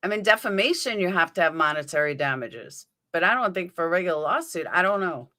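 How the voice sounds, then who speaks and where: Chatty New York woman, bright tense voice. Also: on the low side, lively intonation, fast. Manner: chatty, answers viewer comments by name, thinks aloud. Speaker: livestream host. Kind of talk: live chat commentary.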